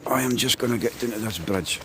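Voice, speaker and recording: His voice is mid-range and a bit bright, and he talks at a quick pace. The Scottish streamer greets his audience repeatedly in a relaxed phone broadcast, driving and then heading out on foot into snow, the mobile phone recording carrying road and car noise.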